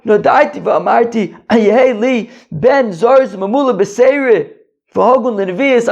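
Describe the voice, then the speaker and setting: Hoarse, high, gravelly man teaching Talmud. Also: a little slow, darkish tone. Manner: reads Hebrew and Aramaic, then translates phrase by phrase in casual talk. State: hoarse, struggling voice. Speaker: Talmud teacher, podcast host. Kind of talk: casual Talmud study podcast. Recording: dull lo-fi recording.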